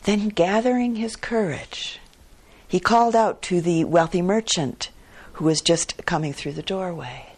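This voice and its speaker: Slow, breathy woman meditation teacher. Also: lowish voice. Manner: unhurried, gently expressive storytelling. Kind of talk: storytelling in a dharma talk.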